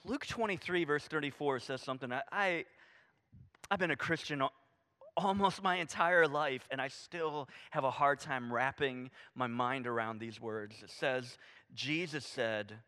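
A man preaching a sermon, animated and conversational, acting out quoted voices and dropping to a hush for emphasis. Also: mid-range voice, measured pace, clean tone. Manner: animated, swings from loud emphasis to hushed near-whisper; acts out quoted voices, casual fillers like "I mean" and "right?". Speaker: pastor.

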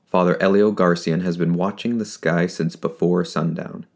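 A man reading scripted fiction narration in a steady, measured way. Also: low voice, vocal fry.

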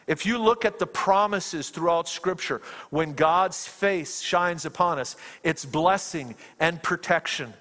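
A man's voice: a little slow, few pauses, a bit bright. A man preaching a sermon with passion, his voice climbing as he voices fervent prayers and often repeating his words. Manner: impassioned, rises in pitch when quoting prayers, repeats words. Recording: long reverb of a large hall.

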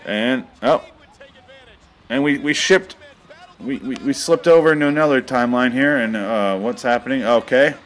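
Deadpan man riffing mock sports commentary. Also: mid-range voice. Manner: deadpan, rambling, with sudden excited outbursts. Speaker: comedy commentator.

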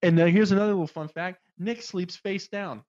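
Man, casual storytelling, animated, voice slightly high, dull lo-fi recording. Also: fairly quick. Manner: animated, acts out the people in his story.

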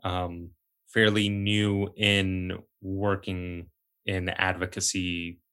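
A man hosting a podcast, thanking his guest and closing the episode in a halting, restarting way. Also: sits low, level tone, pushed and bright, clear, resonant tone. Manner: halting, many restarts and fillers. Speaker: podcast host. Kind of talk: casual interview chat.

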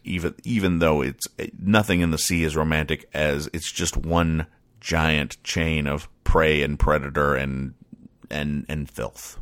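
A man hosting a comedy podcast, dryly explaining comic strips in a rambling deadpan way that stops and restarts often. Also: very deep voice, no room sound, clean studio sound.

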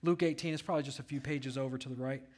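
A man's voice: medium pitch, steady tone, racing. A pastor preaching a sermon, reading scripture aloud and asking his congregation rhetorical questions.

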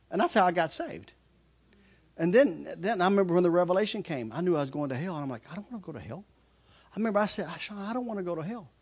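A middle-aged man telling his testimony in a loose, rambling story. He laughs often and stumbles over repeated words. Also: sits high. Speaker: speaker giving a testimony.

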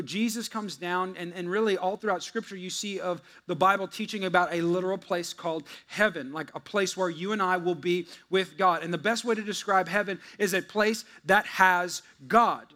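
A man preaching a sermon as a pastor, conversational and animated, slipping into acted-out voices for his stories. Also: sits high, normal speed.

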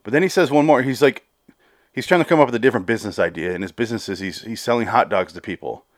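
A man's voice: lowish voice, quick pace, dry recording. Casting: male podcast host, solo review, rambling and profane, dry close sound. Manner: rambling, profane, exasperated rants.

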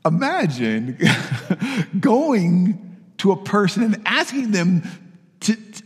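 A man preaching a sermon, telling a story with lively, casual asides. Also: high voice, slow pace, slightly rough, long reverb tail.

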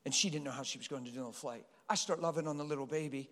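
Racing along in a fairly high voice, a middle-aged man preaches as pastor to a congregation gathered in a church hall. He is animated, storytelling and pleading with his listeners, and the recording has a long hall reverb.

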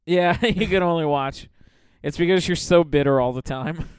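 A man chatting casually on a comedy podcast, excitable and profane, laughing as he retells sketches. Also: a little high, moderate pace, clean tone, no echo, studio quality. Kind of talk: casual chat.

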